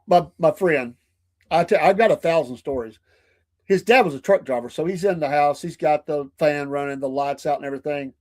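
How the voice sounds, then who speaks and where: Laughing storyteller man, slightly high voice. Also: fairly quick. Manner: storytelling, laughs often, acts out quoted voices. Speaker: podcast co-host. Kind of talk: casual chat.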